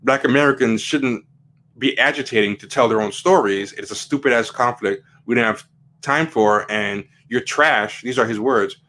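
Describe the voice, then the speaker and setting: A man's voice: medium pitch, normal speed, bright, forceful tone, a little hiss or hum. A man hosting a livestream, giving casual opinion commentary in a rambling way, with frequent fillers and emphatic rising questions. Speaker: livestream host.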